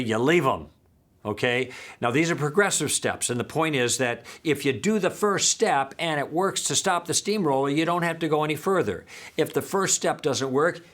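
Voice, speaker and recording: A man's voice: mid-range voice, fairly bright tone. Friendly man teaching a lesson. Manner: friendly, patient, acts out sample lines.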